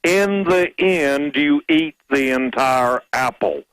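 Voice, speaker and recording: A man calls in to a radio talk show and speaks slowly and carefully. His voice sits at an ordinary pitch. The sound is close and dry. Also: fairly bright tone, clean tone, dry recording, rough recording. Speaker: caller. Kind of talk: phone-in radio call.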